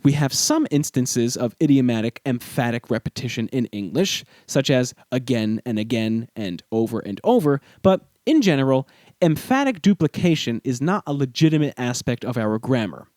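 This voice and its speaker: Man narrating a lesson, lively, dry close sound. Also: medium pitch, dry recording. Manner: measured, explanatory, lively emphasis on key words. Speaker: podcast host. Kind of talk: scripted educational narration.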